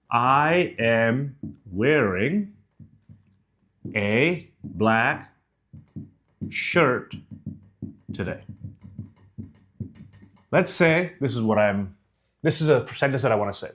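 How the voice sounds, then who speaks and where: A man teaching how to speak with conviction, talking straight to his viewers and acting out examples. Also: fairly high pitch. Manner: animated, demonstrates tones and faces. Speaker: communication coach. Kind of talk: direct-to-camera speaking lesson.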